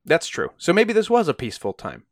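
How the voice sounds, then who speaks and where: A man's voice: a little high, huge pitch swings, a little fast, no room sound, studio quality. A man co-hosting a podcast, telling a true crime story in a casual, conversational way and briefly acting out the quoted voices.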